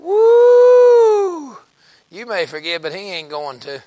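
Male preacher, high voice, hushed-to-shouting sermon delivery. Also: lively intonation, normal speed. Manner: swings from hushed to shouting, folksy.

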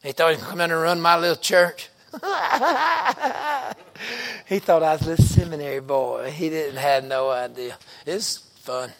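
A middle-aged man, a pastor telling stories in a sermon with folksy, colloquial phrasing and bursts of loud emphasis. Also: a little high, steady tone, fairly quick, few pauses. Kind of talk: storytelling sermon.

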